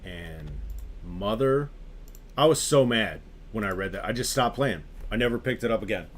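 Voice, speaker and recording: Low-voiced man ranting on a stream. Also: normal speed, slight background noise. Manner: animated, ranting, swears freely. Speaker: game streamer. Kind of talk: casual chat with live viewers.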